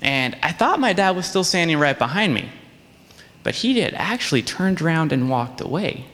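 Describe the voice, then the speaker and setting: A man telling a story as a children's sermon, animated and acting out the voices in it. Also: a little high, moderate pace. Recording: long reverb of a large hall.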